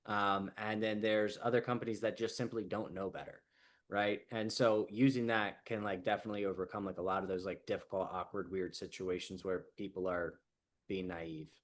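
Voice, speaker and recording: A man's voice: fairly low pitch, moderate pace. A man coaching a group call in a casual, chatty way, filling his talk with "like" and "right?" and acting out quoted people. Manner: casual, lots of "like" and "right?", animated quoted asides.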